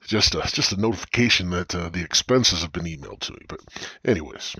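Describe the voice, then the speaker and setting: A man's voice: deep voice, lively intonation, fast talker, creaky, bright, forceful tone, husky, no echo. A man hosting a comedy podcast, rambling through profane, crude stories into a cheap gaming headset. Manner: profane, meandering, crude storytelling. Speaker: podcast host.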